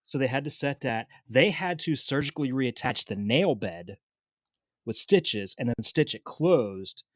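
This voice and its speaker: A man's voice: medium pitch, unhurried, no echo, clean studio sound. A man in his thirties, co-hosting a podcast, telling a casual story and stumbling over his words a little. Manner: relaxed storyteller, repeats words as he talks. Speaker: podcast co-host. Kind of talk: casual chat.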